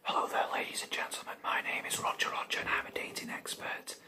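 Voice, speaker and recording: A man's voice: quick pace, natural voice. Young man as a confident dating guru, whispered role-play, showy. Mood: smooth. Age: young adult. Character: self-styled male dating expert, smooth and confident.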